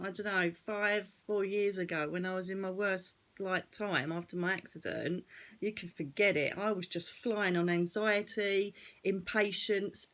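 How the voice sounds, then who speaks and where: A woman with an Essex accent, a psychic medium hosting her own channel, giving chatty spiritual advice straight to her viewers with a slightly croaky voice. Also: mid-range voice, fairly bright tone. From Essex, England. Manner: chatty, digressing, addresses viewers directly. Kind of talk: casual spiritual advice talk to camera.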